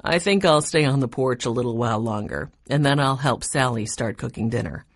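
A woman voicing a calm, kindly grandfather in a storybook reading, dropping her voice lower and steady. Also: brisk, no echo, studio quality, exaggerated voice.

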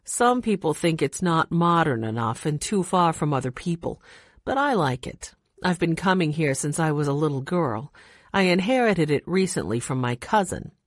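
A cheerful, chatty woman who runs a lodge and likes to keep a little mystery, read by a woman narrator. Her voice sits low and even, and it is recorded very dry and close. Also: normal speed, dry recording. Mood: friendly.

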